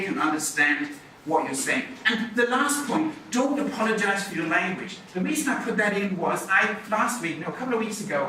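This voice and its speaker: A middle-aged man, a university lecturer, talking lively and chatty about public speaking, moving around as he talks. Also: high voice, a little hiss or hum. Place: lecture hall. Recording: echoey hall, mic from far off.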